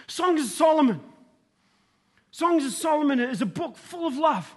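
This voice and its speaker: An Australian man, a middle-aged pastor, preaching a sermon in a rambling storytelling way that rises to emphatic, shouted points. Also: very high voice, very animated, unhurried, pauses often, long reverb tail.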